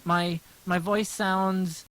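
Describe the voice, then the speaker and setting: An American man with a gentle, smooth voice, rambling casually to his livestream chat while he draws, self-deprecating and answering questions as they come. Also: sits high, little pitch movement, drawn-out words, low-quality recording. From United States. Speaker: livestreaming artist.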